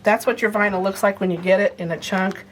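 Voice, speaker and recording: A woman's voice: medium pitch, steady tone, brisk. A woman giving a casual sewing demonstration, chatting as she explains each step while she handles the materials. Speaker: sewing instructor.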